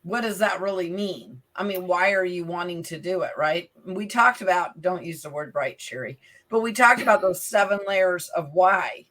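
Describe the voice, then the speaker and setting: Woman, fifties, bright voice, playful, teasing, casual talk host. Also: lowish voice. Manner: playful, teasing, quick asides. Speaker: podcast co-host and life coach. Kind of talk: casual chat.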